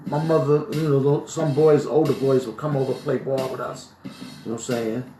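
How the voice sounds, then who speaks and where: A man's voice: medium pitch, little pitch movement, normal speed, mellow. A man from New Jersey livestreaming on a phone, talking in a preachy, emphatic way and often checking in with "right?". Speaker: vlogger. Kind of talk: live-streamed commentary. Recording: echoey room with faint music.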